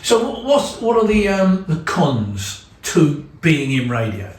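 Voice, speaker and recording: Lively-voiced male interviewer, echoey room. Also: on the high side, slow, recorded from a distance. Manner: encouraging, lots of agreeing interjections. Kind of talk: casual interview chat.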